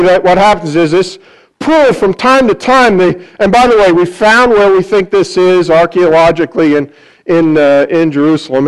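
A man's voice: high-pitched, low-quality recording. A pastor preaching in a conversational way, often restarting his sentences and acting out the voices he quotes. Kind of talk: sermon-style Bible teaching.

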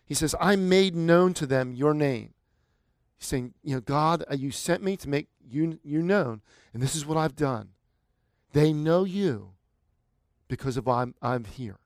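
A man's voice: fairly high pitch, expressive, measured pace, darkish tone, no echo, studio quality. A man preaching a sermon in a conversational way, building to emphatic, rising bursts. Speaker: pastor.

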